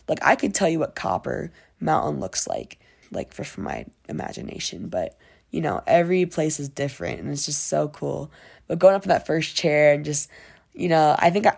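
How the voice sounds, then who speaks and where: Give me a young woman with heavy vocal fry, chatting casually and rambling like a diary vlog. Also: low voice, darkish tone. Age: young adult. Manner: rambling, filler-heavy, frequent swearing. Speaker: vlogger. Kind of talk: casual diary-style chat.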